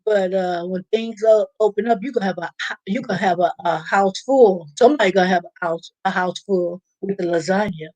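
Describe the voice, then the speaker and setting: A woman's voice: medium pitch, brisk, darkish tone, dry recording, rough recording. A woman hosting a casual live stream, reading viewer comments aloud and chatting in a rambling way with frequent laughter. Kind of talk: casual live-chat talk.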